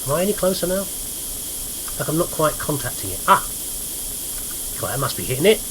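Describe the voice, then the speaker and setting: A man's voice: fairly high pitch, big pitch swings, brisk, noisy background. A man giving casual let's-play commentary, rambling and thinking aloud with self-mocking asides. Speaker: gaming video host.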